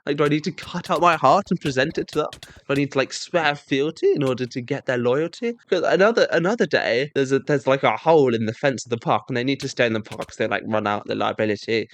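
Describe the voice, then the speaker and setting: A young man telling a sarcastic comedic monologue, mock-self-righteous, breaking into shrill squeaky voices when he mimics kids. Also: quick pace, hardly any pauses. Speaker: comedic storyteller.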